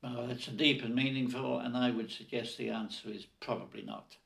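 Older male guest, gravelly, measured and emphatic, echoey room. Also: mid-range voice, steady tone, a bit bright. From Australia. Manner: measured and emphatic, often opening with "look". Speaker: podcast guest. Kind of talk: casual conversational interview.

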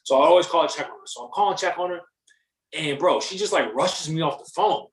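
A young man telling a story in casual chat, animated and slangy, swearing freely. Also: on the high side, fast talker, reverberant.

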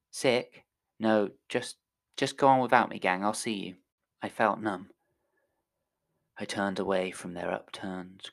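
A man narrating a science-fiction story aloud, with a soft, intimate delivery that drops to a whisper at times. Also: deep voice, vocal fry.

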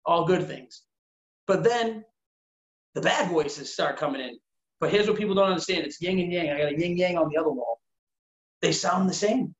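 With a voice on the high side and a fairly bright tone, a man talks at length in casual chat, earnest and rambling. "Like" fills his speech and he acts out quoted dialogue, recorded in a roomy, dull space.

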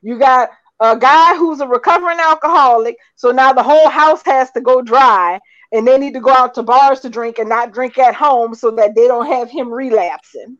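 A woman co-hosting a soap opera chat show, recapping episodes with animated retellings and acted-out quotes. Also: high-pitched, moderate pace. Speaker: soap opera podcast co-host. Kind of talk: casual chat. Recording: dull lo-fi audio.

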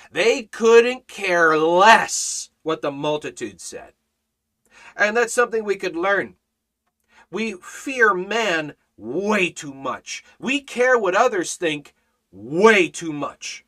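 Male Bible teacher, preachy and fervent, bright forceful tone. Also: high voice. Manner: impassioned, rising to near-shouting on key points. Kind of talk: sermon-style Bible study.

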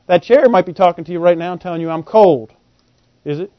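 A high-voiced male preacher teaches from scripture and keeps throwing questions at his listeners. The recording is dull and lo-fi, close and dry. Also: racing, no room sound. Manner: animated, quizzes the audience with rhetorical questions. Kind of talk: Bible teaching sermon.

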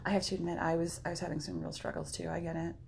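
A woman's voice: lowish voice, level tone, rapid-fire, gravelly, darkish tone, slight background noise. A young woman co-hosting a podcast, chatting casually and laughing often. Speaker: podcast co-host. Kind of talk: casual chat.

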